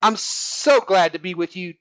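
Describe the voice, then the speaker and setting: A man's voice: high voice, expressive, moderate pace, no room sound. A man voicing a self-appointed preacher who blesses his friends while slyly insulting them, in a sing-song preachy manner. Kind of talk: comic preacher impression on a fan podcast.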